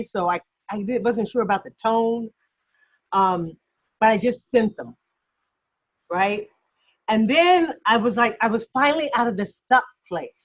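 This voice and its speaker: Acting coach lady rambling thru a lesson on zoom, laughs a lot, muffled lo-fi sound. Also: mid-range voice. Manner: chatty, self-deprecating, laughs often. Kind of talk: mini lesson on a video call. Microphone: video call. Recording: dull lo-fi video call audio.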